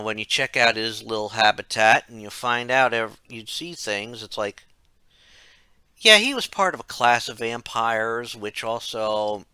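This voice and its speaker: A man's voice: medium pitch, bright, forceful tone, clear, resonant tone, no echo. A man narrating a casual game retrospective, rambling, correcting himself and dropping wry asides. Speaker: game reviewer.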